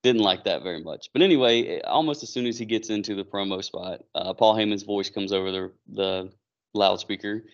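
A man co-hosting a casual chat show, retelling events with animated acted-out quotes. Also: on the low side, brisk. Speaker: podcast co-host. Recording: dull lo-fi recording.

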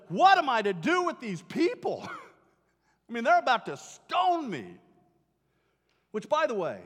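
Male pastor, high voice, animated sermon delivery that acts out quotes; church recording with long reverb.

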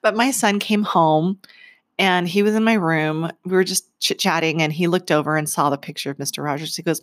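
A woman's voice: sits low, steady tone, brisk. A woman in her forties telling a story to camera in a chatty way, laughing often and acting out the voices in it. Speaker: vlogger.

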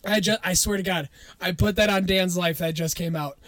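A man's voice: sits high, steady tone, fairly quick, a bit bright. A young man co-hosting a casual podcast, teasing his partner with jokes and swearing. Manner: teasing, joking, laughs a lot, swears. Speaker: podcast co-host. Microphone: podcast microphone.

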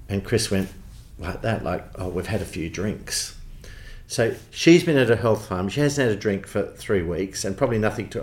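A man with an Australian accent, a theatre producer telling lively backstage anecdotes in an interview. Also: fairly low pitch. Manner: animated storyteller, does voices in quotes.

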